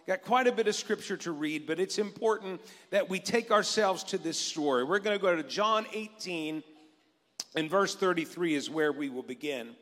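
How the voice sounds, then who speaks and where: Male pastor, high voice, chatty preaching style with questions to the room, echoing church hall. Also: moderate pace, fairly bright tone. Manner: conversational, asks the congregation questions. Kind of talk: sermon with scripture reading. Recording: long reverb in a large hall.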